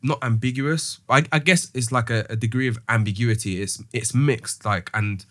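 A man's voice: mid-range voice, normal speed, fairly bright tone, no echo. A man, hosting a casual podcast discussion, thinking aloud with many ums and restarts. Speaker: podcast host.

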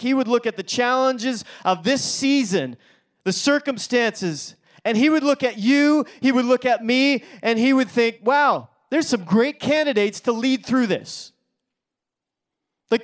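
Guy pastor w a pretty high voice, preaching like he's just chatting, lots of like and um. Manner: conversational storytelling with fillers and restarts. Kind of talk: sermon with a personal story.

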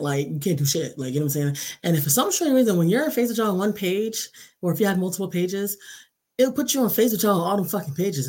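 Profane venting woman, husky voice. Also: medium pitch. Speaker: podcast host. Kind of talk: casual podcast monologue.

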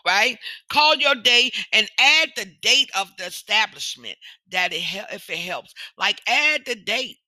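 A woman hosting a motivational podcast as a coach, talking in a sassy, animated, preachy way and calling out to the listener. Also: mid-range voice, a little slow, no room sound.

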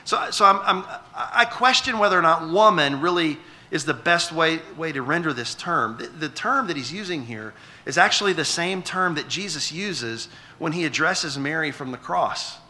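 Man, middle-aged pastor, high-ish and very bright voice, talks the congregation through a passage. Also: lively intonation, moderate pace. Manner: conversational, repeats words when restarting; asks the congregation questions. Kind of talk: sermon.

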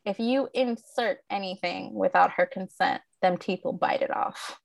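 A woman co-hosting a casual podcast, telling stories with lively, foul-mouthed energy. Her pitch sits in an ordinary middle range, and the recording is dry and close to the mic. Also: a little slow, creaky, no room sound. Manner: animated, profane storyteller. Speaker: podcast co-host. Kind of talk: casual chat, storytelling.

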